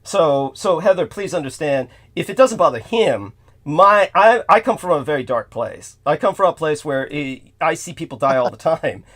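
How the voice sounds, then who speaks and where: A man's voice: on the high side, lively intonation, normal speed, a bit bright. Emphatic male talk-show host. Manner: emphatic, repeats himself, addresses listener by name. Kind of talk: casual call-in chat.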